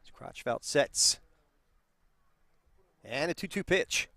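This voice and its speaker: Man, Boston accent, baseball play-by-play, excitable, higher voice, dry sound. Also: takes it slowly, vocal fry, no echo. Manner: excitable, rising sharply on big plays. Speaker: play-by-play announcer. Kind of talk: live baseball commentary.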